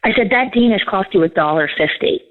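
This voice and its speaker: A woman's voice: medium pitch, fairly quick. A woman, a leadership coach, giving interview answers and telling stories with acted-out dialogue. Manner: animated storytelling, acts out quoted dialogue. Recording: tinny phone-like line.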